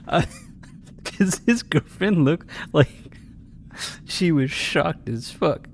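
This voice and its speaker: A man's voice: fairly high pitch, takes it slowly, creaky, pauses often, slight background noise. A young man, a podcast co-host, telling work stories in casual chat and often laughing as he talks. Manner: laughs through his stories, animated retelling.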